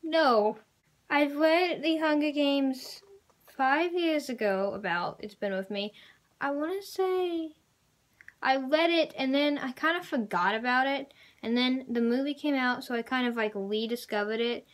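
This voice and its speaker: A young woman vlogging a casual trailer reaction, rambling and excitable with lots of fillers. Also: high-pitched, unhurried.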